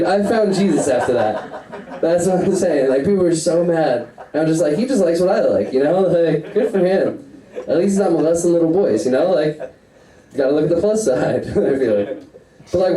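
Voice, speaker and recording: A man's voice: fairly high pitch, mellow. A man doing a crude, rambling stand-up set on stage before a live audience, laughing at his own jokes. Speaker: stand-up comedian. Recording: roomy sound, mic at a distance.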